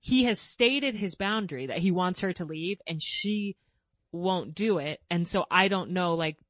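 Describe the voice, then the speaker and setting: Woman, podcast host, chatty, fairly low voice, dry close sound. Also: lively intonation, measured pace, dry recording. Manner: chatty, laughs easily, thinks aloud. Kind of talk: casual conversation.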